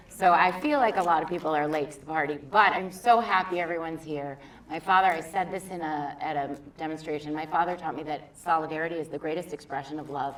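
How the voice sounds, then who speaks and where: Low-voiced woman in her fifties, candid. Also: roomy sound, far from the mic, slight background noise. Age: 50s. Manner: candid, emphatic, personal. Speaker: panelist. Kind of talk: live panel discussion. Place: theater in a large city.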